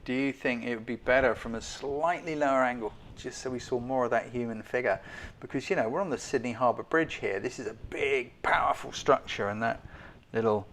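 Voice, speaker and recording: A man's voice: mid-range voice, a little fast, hardly any pauses, fairly bright tone, slight background noise. A man hosting a live-stream photo critique, chatty and self-deprecating, often turning to ask viewers what they think. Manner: chatty, keeps asking viewers' opinions. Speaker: host giving photo feedback.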